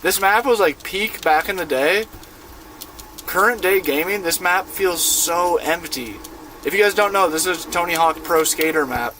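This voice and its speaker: Casual young male streamer, slightly high voice, slangy and laid-back, faint hiss behind. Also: a little slow, pushed and bright. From United States. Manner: laid-back, slangy, chatting with his viewers while playing. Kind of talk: casual live-stream gaming chat. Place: inside a van.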